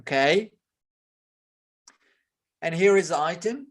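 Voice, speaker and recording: Her voice is low and her intonation lively. This woman, a native Arabic speaker with an Egyptian accent, teaches English pronunciation online, slowly drawing out example words between filler sounds.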